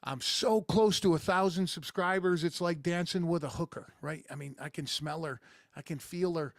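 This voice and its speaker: A middle-aged man rambles through a crude, sarcastic podcast monologue. His voice sits a bit high for a man and sounds close and dry, with little room sound. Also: normal speed, no room sound. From rural United States. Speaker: podcast host. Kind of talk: casual monologue.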